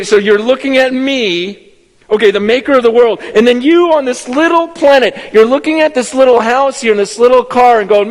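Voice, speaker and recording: A man with a high voice preaches a fervent sermon, repeating words and acting out quoted voices. His voice rings with a long reverb in a large church hall. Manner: impassioned, acts out quoted voices, stammers and repeats. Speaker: pastor.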